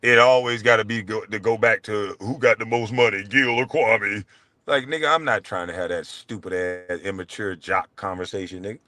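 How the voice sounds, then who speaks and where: A man's voice: steady tone, normal speed, no echo. Brash, profane man ranting. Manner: profane, taunting, swings from loud jabs to low mutters. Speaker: show host. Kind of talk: heated solo rant.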